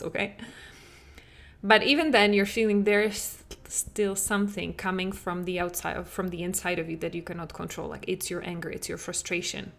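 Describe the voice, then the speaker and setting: A medium-pitched, slightly bright woman's voice belongs to a young adult parenting coach hosting her podcast solo. She speaks in an earnest, conversational way, leaning heavily on "like."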